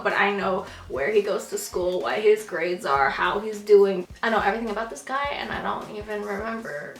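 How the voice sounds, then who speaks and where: A woman's voice: medium pitch, brisk, few pauses. Sassy young woman vlogging in an echoey room. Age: 20s. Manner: sassy, emphatic, casually profane. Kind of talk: casual to-camera comedy vlog. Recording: roomy echo.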